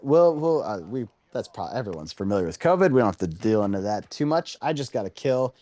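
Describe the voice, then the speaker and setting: A mellow, warm-toned man in his thirties chats casually on a gaming podcast. His pitch swings a lot as he tells animated stories and acts out what other people said. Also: a little fast, dry recording. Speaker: podcast co-host. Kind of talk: casual chat while gaming.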